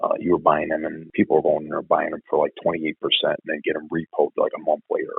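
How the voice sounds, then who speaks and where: A man with a deep, gravelly tells blunt, profane stories from his years on the force. His voice is husky and very low, with a dry, close sound. It comes through a tinny, phone-like line. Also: quick pace, dry recording. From Chicago. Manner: blunt, profane, animated storyteller. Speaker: interview guest, former police officer. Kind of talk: casual storytelling.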